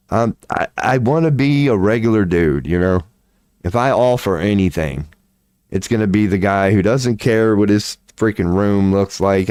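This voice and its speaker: A man chatting casually on his livestream, candid and profane, telling animated stories and acting out the voices of the people in them. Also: fairly low pitch, no room sound, studio quality. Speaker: tarot reader and streamer.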